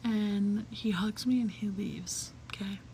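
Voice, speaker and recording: Over a noisy background, a young adult woman slowly recounts a personal story with fairly even intonation and a mid-range voice. Her talk is casual and chatty, full of "like," swearing, and hushed, whispered asides.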